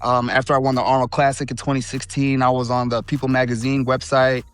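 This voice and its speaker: A man in his thirties talks loosely as an interview guest, dropping "bro" and "you know" as he goes. His voice sits at a middle pitch, and the recording is close and dry. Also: fast, smooth, no echo. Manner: relaxed, laughs easily, says bro and you know. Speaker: interview guest, bodybuilding champion. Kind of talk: casual interview chat.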